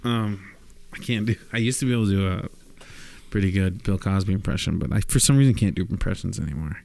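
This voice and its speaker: A man co-hosting a podcast in casual chat, relaxed and quick to laugh. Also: low voice, gravelly. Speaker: podcast co-host.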